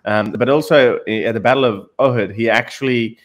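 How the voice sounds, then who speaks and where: Man, mid-range voice, amused, halting storyteller, casual chat. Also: mid-range voice. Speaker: guest co-host.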